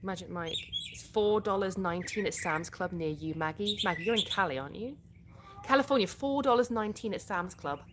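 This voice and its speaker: A woman's voice: mid-range voice, lively intonation, a little fast, background noise. A British woman from the UK hosting a casual livestream, reading out viewer comments and answering them in a chatty way. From United Kingdom.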